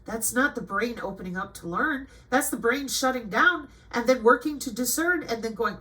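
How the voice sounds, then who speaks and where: Sharp-voiced woman, reading and scolding. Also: fairly high pitch, normal speed, hardly any pauses, poor audio. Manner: scolding and sarcastic, jumping between flat reading and emphatic outbursts. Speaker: channel host. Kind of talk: reading a list aloud with ranting commentary.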